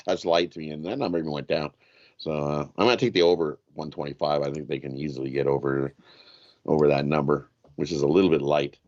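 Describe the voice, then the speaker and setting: Deep-voiced co-host, halting delivery, muffled remote line. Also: male voice. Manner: hesitant, repeats himself, lots of uh and yikes. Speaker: podcast co-host, bettor. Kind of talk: casual sports betting chat.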